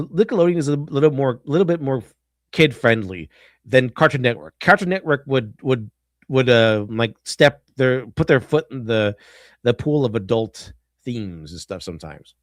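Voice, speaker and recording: A man's voice: medium pitch, expressive, unhurried, no echo. Rambling male streamer, dry close mic. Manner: rambling, restarts often, laughs at his own points. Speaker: streamer reacting to a video. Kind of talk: casual live-stream commentary.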